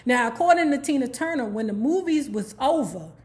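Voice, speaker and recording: A woman's voice: high voice, animated, fairly quick, a little mellow. A woman from Washington, D.C. hosting a book club vlog, casually retelling a life story with candid, profane asides and frequent "okay?" check-ins.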